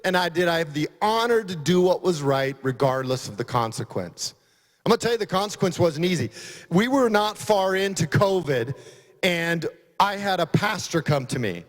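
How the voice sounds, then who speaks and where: A man's voice: a little high, animated, normal speed. A middle-aged man, a county sheriff, giving an emphatic, folksy conference speech. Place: conference hall. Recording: long hall reverb.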